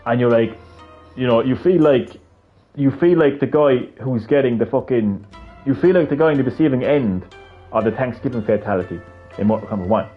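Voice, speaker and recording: A man's voice: mid-range voice, a little fast, narrow, tinny audio, faint music behind. A man with a heavy Irish accent chatting on a gaming livestream, rambling with restarts and casual swearing.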